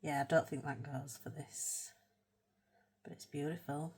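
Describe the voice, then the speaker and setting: A woman with a low voice and an unhurried pace chats her way through a colour-with-me painting session. She rambles, pokes fun at herself and drops to a soft murmur as she works the brush. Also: fairly even intonation, husky. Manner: chatty, rambling, self-mocking. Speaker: art channel host. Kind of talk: casual colour-with-me chat.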